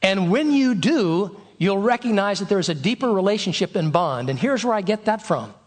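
A man's voice: high voice, expressive, normal speed. A male pastor preaching a sermon in an emphatic way, repeating his key phrases.

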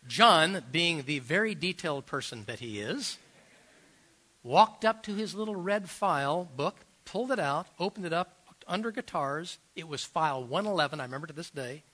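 A middle-aged man, a pastor, preaching a sermon and telling personal stories, swinging between loud emphasis and quiet asides. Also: on the high side, expressive, normal speed.

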